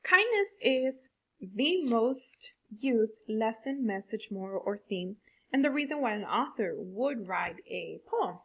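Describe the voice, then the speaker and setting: Slow-speaking woman teaching fourth graders. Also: on the high side, sing-song, fairly bright tone, highs cut off, slight background noise. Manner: slow, emphatic teaching, stressing words for young pupils. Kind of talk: online classroom lesson.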